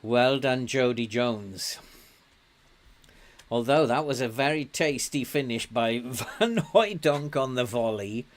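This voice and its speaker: Slow-talking older English man, game commentary. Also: medium pitch, lively intonation. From England. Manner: chatty, laughs often, cheers his team on loudly. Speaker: game streamer. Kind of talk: casual gameplay commentary.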